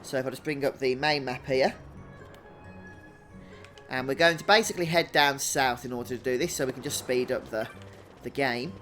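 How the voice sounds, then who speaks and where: A man hosting a video game walkthrough in a relaxed, chatty way, thinking out loud as he plays. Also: mid-range voice, normal speed, pauses often, soft background music. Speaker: gaming channel host.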